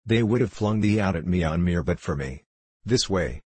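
A man voicing a cheeky, quick-witted street boy in an audiobook, speaking bold and merry. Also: low-pitched, animated, darkish tone, slightly rough, no echo. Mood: brash.

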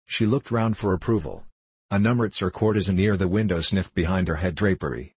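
Deep husky guy narrating a book, dry close sound. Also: a little fast, no echo. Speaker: audiobook narrator. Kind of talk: scripted narration.

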